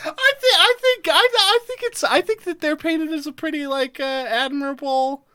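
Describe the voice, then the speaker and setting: A man hosting a podcast in casual chat, jokey and quick to laugh. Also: very high-pitched, pushed and bright, no room sound, studio quality. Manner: jokey, laughs often, reads recap lines in a put-on Midwestern voice. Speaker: podcast host.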